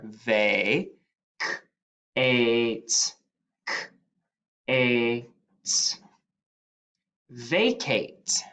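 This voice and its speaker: A man's voice: medium pitch, fairly bright tone, muffled recording. A male teacher leading a phonics dictation lesson, breaking words into single sounds and repeating each part patiently. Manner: patient, deliberate classroom delivery.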